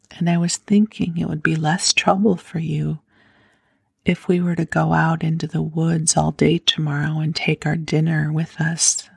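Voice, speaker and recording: A woman's voice: low-pitched, vocal fry, darkish tone, husky, no room sound, clean studio sound, full character voice. A woman whispering a polite, scheming young schoolboy in whispered role-play, sweetly over-polite.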